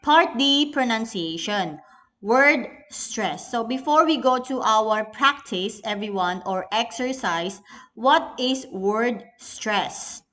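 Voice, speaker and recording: A woman's voice: on the high side, lively intonation, takes it slowly, sharp tone. A young woman with a Filipino accent teaching an English lesson in a recorded class, patient and instructive, often addressing the class as everyone.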